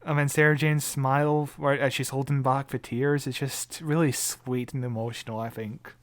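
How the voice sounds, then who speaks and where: A man co-hosting a podcast in casual chat, thoughtful and hesitant, often trailing off softly. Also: mid-range voice, flat delivery, normal speed, no echo. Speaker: podcast co-host.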